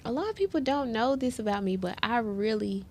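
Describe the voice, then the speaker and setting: A woman's voice: on the high side, expressive, fairly quick. Heartfelt woman telling her story. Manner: earnest and heartfelt, talks straight to listeners. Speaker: interview guest. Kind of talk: emotional personal story in an interview.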